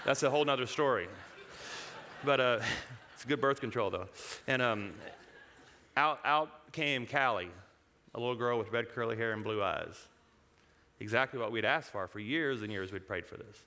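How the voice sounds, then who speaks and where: Bright-voiced man telling a sermon story. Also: medium pitch, normal speed, pauses often. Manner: animated, chuckling, self-interrupting storyteller. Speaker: speaker addressing a congregation.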